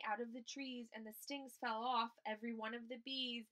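Woman teacher, storybook read-aloud, high bright voice, lively character voices. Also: normal speed, hardly any pauses, poor audio. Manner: expressive, acting out animal voices. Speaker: teacher reading a picture book.

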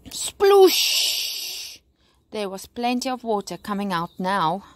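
A woman teacher reading a story aloud to young children, outdoors. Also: medium pitch. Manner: slow, warm storytelling to children. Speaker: primary school teacher. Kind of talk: bedtime story read-aloud.

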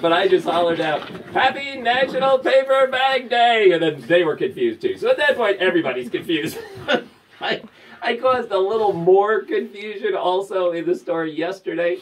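A man telling lively stories to camera, laughing often and breaking into high squeals. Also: normal speed, far from the mic, rough recording. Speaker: vlogger. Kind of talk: casual storytelling to camera.

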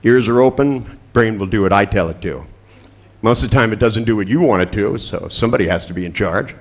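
A man's voice: on the low side, a little fast. A man giving a seminar talk, telling blunt, profane stories about therapy clients with wry humor. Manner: wry, laughs at his own stories. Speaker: seminar presenter on therapy and coaching. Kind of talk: storytelling seminar talk to a live audience.

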